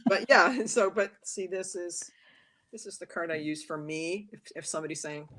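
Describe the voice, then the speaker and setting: Talkative tarot reader lady, kinda low voice, chatty interview guest who does all the voices in her stories. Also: normal speed. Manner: talkative, animated storyteller who acts out quotes. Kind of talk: casual interview chat.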